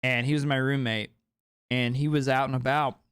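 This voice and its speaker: A man in his late twenties telling a personal story in casual podcast chat, animated and full of swearing and filler words. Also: medium pitch, moderate pace, smooth, no room sound, studio quality. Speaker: podcast speaker.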